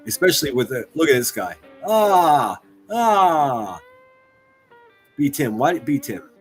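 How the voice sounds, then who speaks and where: A man's voice: mid-range voice, expressive, a little fast, husky, faint music behind. A man hosting a stream, ranting crudely and mocking people in exasperated bursts. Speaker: streamer host.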